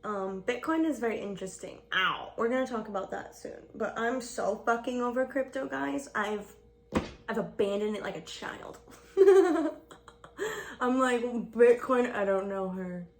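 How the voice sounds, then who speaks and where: A woman's voice: on the high side, normal speed, vocal fry. A woman in her twenties vlogging a casual get-ready-with-me chat, rambling and swearing, saying "like" a lot and laughing often.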